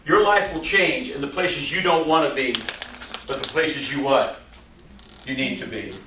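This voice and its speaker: A medium-pitched man in his sixties, speaking at a normal speed, delivers a motivational stage keynote to a live audience in a large hall. He is animated and jokey, telling stories and firing rhetorical questions at the crowd. The recording is echoey, with a distant mic and faint noise.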